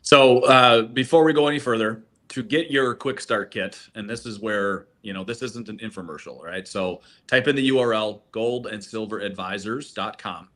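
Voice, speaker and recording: A man's voice: lowish voice, normal speed, few pauses, fairly bright tone. A man speaking as a gold consultant on a webinar, persuasive, often repeating a word as he starts. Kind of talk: webinar presentation.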